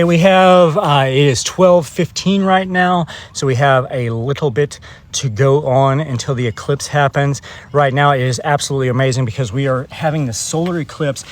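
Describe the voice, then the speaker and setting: A man from West Texas, rambling and emphatic in a casual spiritual vlog, his voice a bit hoarse, recorded outdoors in a field. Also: medium pitch, a little hiss or hum. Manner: rambling and emphatic, urging viewers. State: slightly hoarse. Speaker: spiritual vlogger.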